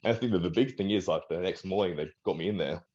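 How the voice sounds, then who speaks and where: A fast-talking man with a low-sitting, slightly mellow voice is recorded with the highs cut off. The Australian strongman and personal trainer is an interview guest, chatting casually and rambling with restarts while acting out what doctors told him.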